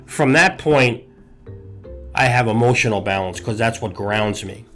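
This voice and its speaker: A middle-aged man, a hospital executive, talking earnestly and at a measured pace about balance on a podcast, building his points in short listed phrases. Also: on the low side, fairly bright tone, faint music behind. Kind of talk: reflective podcast talk.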